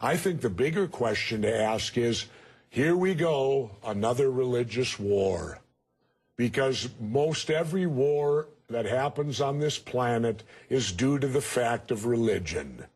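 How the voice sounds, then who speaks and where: A husky man in his sixties speaks as a television interview guest. He argues bluntly and with emphasis, and he pushes back hard on his interviewer. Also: medium pitch, animated, unhurried, a little mellow. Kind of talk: TV news interview.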